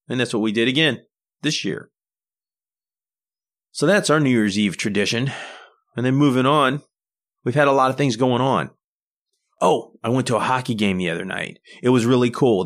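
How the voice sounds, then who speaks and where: A man hosting a podcast, telling rambling personal anecdotes in a casual solo monologue and often restarting his sentences. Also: medium pitch. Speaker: podcast host.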